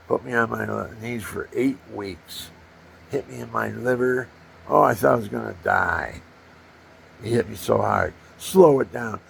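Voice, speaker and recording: An older man with a gravelly voice, rambling through personal stories and acting out punches with sound effects. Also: mid-range voice, a little hiss or hum. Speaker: storyteller.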